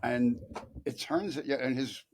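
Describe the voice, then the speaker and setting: A man chatting as a guest on a local TV talk show, halting and restarting as he tells a story. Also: medium pitch, darkish tone. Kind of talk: casual chat. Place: local TV studio.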